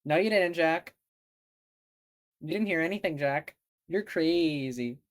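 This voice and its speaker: A woman's voice: on the low side, a little slow. A woman live-streaming a game, bantering with her chat in a giggly, self-deprecating way from a home desk mic. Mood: playful.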